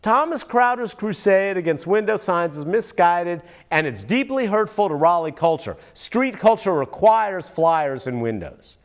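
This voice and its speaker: Animated, sarcastic man ranting. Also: sits high, unhurried, few pauses. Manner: animated, sarcastic, keeps addressing an unseen listener. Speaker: political commentary vlogger. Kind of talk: ranting commentary.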